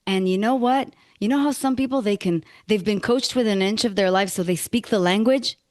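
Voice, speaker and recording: A woman's voice: mid-range voice, a little fast, no echo. Woman, podcast host, reflective, affirming, dry close sound. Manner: warm affirmations, reflective, quotes philosophers. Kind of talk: interview conversation.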